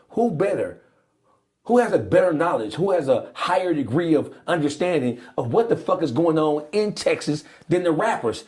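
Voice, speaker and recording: A man's voice: on the high side, mellow. A man in a played clip giving heated, profane commentary, calling people out by name. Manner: fiery, profane, calls people out.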